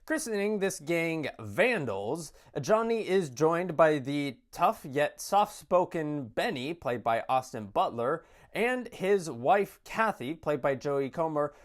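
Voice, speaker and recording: A man giving a casual spoken film review, rambling with many fillers and restarts. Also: fairly high pitch. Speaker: movie reviewer.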